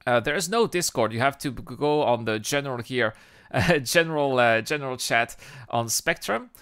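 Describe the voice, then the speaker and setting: Bright, crisp-voiced male streamer. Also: medium pitch, moderate pace, no echo, studio quality. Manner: chatty and excitable, with many restarts. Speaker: livestream host. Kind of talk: casual livestream chat, reading viewer comments.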